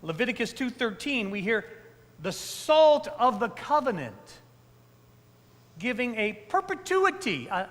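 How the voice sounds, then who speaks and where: The voice belongs to a male pastor and sits high with a fairly bright tone. In a church sanctuary with long reverb, he preaches conversationally, frequently adding "right?" for the congregation and repeating important phrases emphatically.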